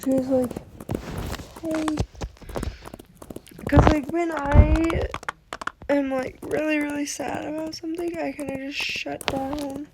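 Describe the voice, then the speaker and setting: A young woman talking through tears in a personal vlog, halting and emotional, her voice breaking. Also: steady tone, very noisy. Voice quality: high soft voice, halting and tearful. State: crying.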